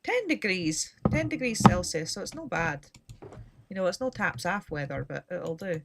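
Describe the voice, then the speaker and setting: A woman's voice: fairly low pitch, expressive, moderate pace, vocal fry, noisy background. A Scottish woman from Scotland, chatting casually and rambling with dry humor while she streams a game. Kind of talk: casual chat while gaming.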